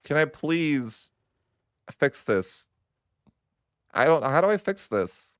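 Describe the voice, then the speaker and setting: A man's voice: fairly high pitch, very animated, takes it slowly, pauses often, no echo, studio quality. A young man commentating his own strategy game session, exasperated and whiny with a sarcastic streak. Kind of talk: frustrated gameplay commentary.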